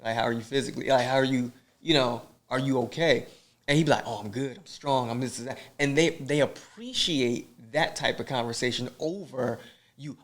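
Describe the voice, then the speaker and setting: A man's voice: medium pitch, a little fast. A man hosting a podcast, talking in a casual, slangy way and giving advice straight to his listeners. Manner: animated, preachy, slangy, addresses listeners directly. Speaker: podcast host. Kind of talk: motivational casual chat.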